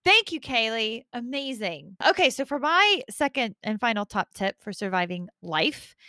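A woman's voice: fairly high pitch, sing-song, moderate pace, bright, forceful tone, no room sound, clean studio sound. A woman hosting a casual chat, upbeat and playful as she leads the segments. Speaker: host.

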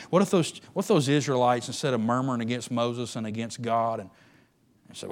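A man preaching a sermon, swinging between hushed prayerful lines and loud, emphatic exclamations. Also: mid-range voice, brisk.

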